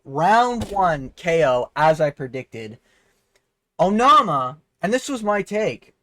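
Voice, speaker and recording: A man's voice: fairly high pitch, no room sound. A man vlogging a casual fight breakdown, rambling, sarcastic and swearing freely. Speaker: MMA commentator vlogger.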